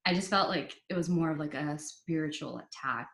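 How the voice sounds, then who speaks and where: A woman's voice: low voice, normal speed, a bit bright. A young woman telling her story as a podcast guest in a chatty way, full of "like" and "you know". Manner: chatty, many fillers like "like" and "you know", quotes others in dialogue. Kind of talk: casual storytelling interview. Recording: roomy echo.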